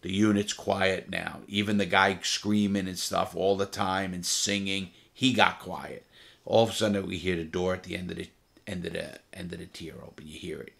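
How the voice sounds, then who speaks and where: A man's voice: low voice, level tone, normal speed, gravelly, fairly bright tone. A middle-aged man, a former prisoner, bluntly telling first-person stories with profanity. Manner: blunt and profane, vivid retelling.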